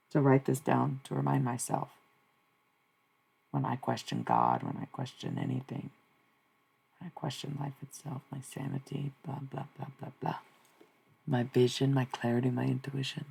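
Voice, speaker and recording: Gravelly, husky streamer musing aloud. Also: mid-range voice, animated, moderate pace, pauses often, darkish tone. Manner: repetitive, searching, swears casually. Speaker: live streamer. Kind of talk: rambling spiritual musing.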